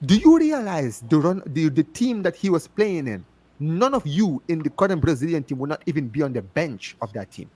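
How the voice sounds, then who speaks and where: African-accented guy on a fan call, fired up, voice swooping all over, pitched a bit high. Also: moderate pace. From United States. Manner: animated, passionate, repeats himself for emphasis. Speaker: guest on a fan show. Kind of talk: casual chat.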